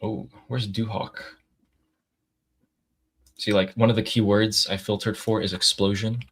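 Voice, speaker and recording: A man from the United States chats on a livestream with a relaxed, wry manner. His voice sits fairly low, and he talks things over at an easy, unhurried pace. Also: slightly rough. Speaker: livestream co-host. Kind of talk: casual livestream chat.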